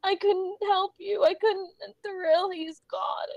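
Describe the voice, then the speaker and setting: A woman's voice: very high-pitched, big pitch swings, very slow, vocal fry, a bit bright, dry recording, dull audio, exaggerated voice. A woman voicing a grieving, drunken bearded man who sobs and pleads, his voice breaking. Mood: pleading despair.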